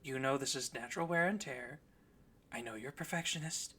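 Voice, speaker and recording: A man voicing a calm, commanding female pirate officer who gives brisk orders. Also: medium pitch, breathy edge. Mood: placating.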